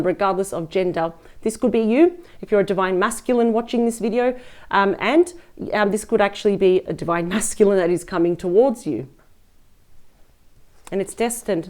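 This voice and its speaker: A woman's voice: medium pitch, darkish tone. A woman giving a casual, effusive and chatty tarot reading as the host of her channel. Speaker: tarot reader.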